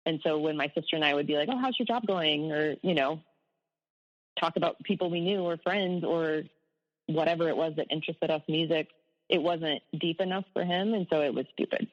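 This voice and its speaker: A woman's voice: sits low, steady tone, a little fast, big-room sound, lo-fi sound. A woman, an abuse survivor, telling her story candidly in an interview, with rueful laughs at hard memories.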